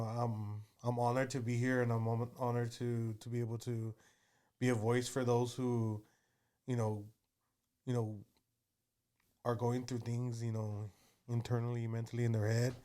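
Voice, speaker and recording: A man's voice: medium pitch, a little mellow. A man, telling stories as an interview guest, rambling with many fillers. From Texas. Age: 30s. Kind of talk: casual storytelling.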